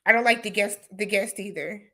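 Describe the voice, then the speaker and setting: A woman hosting a casual livestream chat, answering viewer comments and laughing often, with relaxed speech full of y'all and imma. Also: medium pitch, brisk. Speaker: livestream host.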